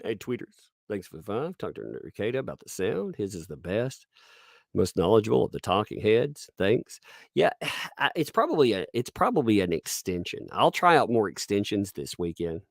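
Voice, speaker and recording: A man's voice: big pitch swings, moderate pace, gravelly, no echo, clean studio sound. A man hosting a live stream, commentating sarcastically, reading chat and laughing often. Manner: puts on squeaky mocking voices when quoting people.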